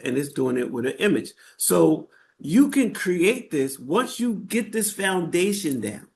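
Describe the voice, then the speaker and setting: A man teaching a live online workshop in a conversational way, often checking in with his listeners and using fillers as he goes. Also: medium pitch. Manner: conversational, checks in with "right?" and "okay?"; frequent fillers and restarts. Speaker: workshop instructor.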